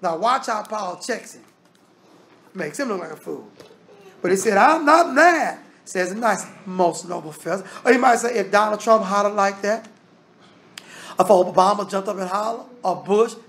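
A man's voice: high-pitched, normal speed, gravelly, a bit bright. A man teaching a Bible study. He reads scripture aloud and explains it in plain, casual talk. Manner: casual Southern American grammar.

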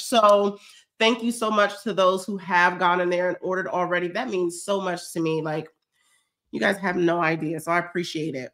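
On a casual fitness check-in livestream, a woman reads and replies to comments from viewers, bubbly and talkative, often saying "y'all." Her lowish voice is a bit bright with fairly even intonation and a moderate pace, and she sounds a little stuffy from a cold.

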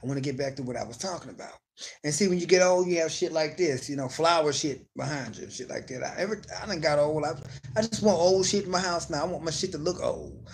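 A man's voice: on the high side, quick pace, slight background noise. A man hosting a live stream, talking in a loose, profane, comedic rant to his viewers. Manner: profane, animated, slides into put-on voices.

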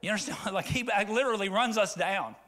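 Preacher guy, middle-aged, bright ringing voice, chatty then fired up. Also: sits high, a little fast. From rural Arkansas. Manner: conversational, builds to fervent preaching. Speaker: pastor. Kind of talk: sermon.

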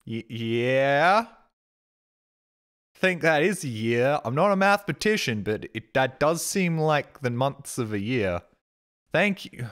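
A man's voice: medium pitch, big pitch swings, moderate pace, a bit bright. An Australian man streaming live, chatting casually with viewers, reading out chat and thanking subscribers in a rambling, joking way with plenty of swearing.

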